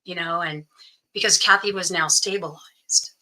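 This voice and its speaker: A woman's voice: fairly low pitch, steady tone, normal speed, bright, forceful tone, low-quality recording. A middle-aged woman, a guest in an interview, telling a personal story and acting out what each person said. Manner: recounts events by acting out quoted dialogue.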